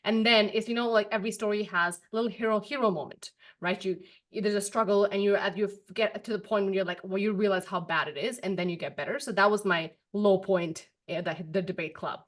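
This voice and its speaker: A young woman hosts a podcast in easy, casual chat. She tells her stories in a lively, expressive way and keeps the pace quick. Her voice sits at an ordinary middle pitch. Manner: animated storyteller, quick and expressive. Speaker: podcast host.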